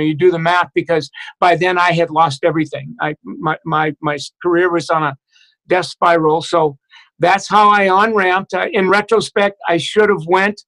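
A middle-aged man with a high-pitched voice tells his own story in conversation. He speaks haltingly and reflectively, restarting his sentences and filling pauses often. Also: a bit bright, low-quality recording. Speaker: guest. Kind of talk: personal recovery story in conversation.

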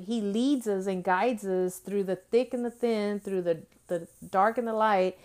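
A middle-aged woman tells a family story conversationally, then turns to an earnest devotional message. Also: medium pitch. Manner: conversational, animated storytelling turning earnest and exhortative. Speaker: mother and devotional speaker.

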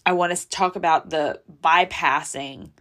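A woman's voice: deep voice, steady tone, measured pace, a bit bright. A woman, hosting a podcast and speaking candidly and emotionally about personal struggles, close to tears at times. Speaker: podcast host. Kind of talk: personal confessional podcast talk.

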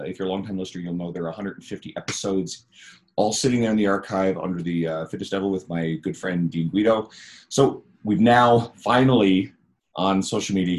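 A man hosting a podcast in casual, chatty talk with plenty of fillers. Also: on the low side. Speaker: podcast host.

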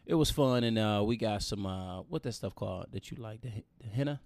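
A young man chatting casually as a co-host, telling stories in an animated, slangy way. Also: lowish voice, a little fast, dry recording. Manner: animated storyteller, slangy, acts out quotes. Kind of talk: casual chat.

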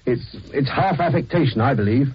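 A man's voice: mid-range voice, animated, brisk, slight background noise, close to an everyday voice. A middle-aged English man playing a prim, disapproving Englishman in a stuffy, fussy manner, in 1940s radio acting on a dull lo-fi recording. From England.

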